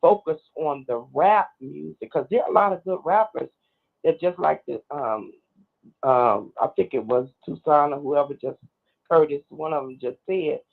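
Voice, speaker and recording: Woman caller, earnest, gravelly, tinny phone line. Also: sits low, moderate pace. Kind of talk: call-in radio commentary.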